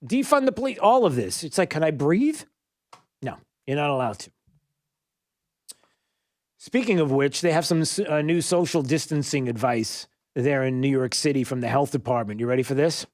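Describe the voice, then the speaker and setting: A male talk radio host runs his monologue, animated and sarcastic, with plenty of fillers. His voice sits a little high for a man, and the sound is dry and close. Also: normal speed, no echo.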